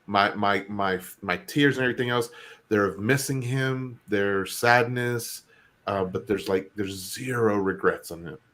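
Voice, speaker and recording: A man's voice: fairly low pitch, measured pace, fairly bright tone. A middle-aged man co-hosting a casual chat show, telling personal stories earnestly with many fillers. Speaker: co-host.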